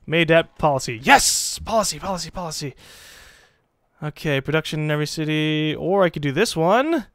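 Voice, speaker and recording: A young man giving casual, excitable commentary while playing a strategy game, swearing and teasing the computer opponents. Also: fairly high pitch, a little fast, hardly any pauses, clear, resonant tone, no echo, clean studio sound. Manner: excitable, swears, mocks game leaders in put-on voices. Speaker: let's play gamer.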